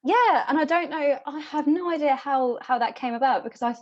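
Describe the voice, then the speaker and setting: A woman hosting a podcast in casual chat, laughing often and slipping into quick voices for characters. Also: sits high, no echo, dull audio. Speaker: podcast host.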